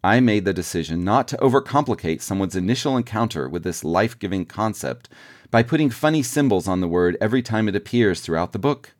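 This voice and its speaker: Low-voiced man reading a devotional book. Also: lively intonation. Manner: measured, deliberate reading. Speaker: audiobook narrator. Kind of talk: scripted narration of a devotional book.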